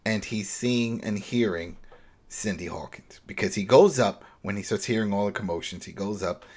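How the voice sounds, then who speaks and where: A man with a lowish voice talks through a TV episode in casual podcast chat. He rambles and restarts, then picks up energy, jumping into quick acted-out bits of dialogue. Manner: animated, rambling retelling with restarts. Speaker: podcast co-host. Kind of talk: casual recap discussion.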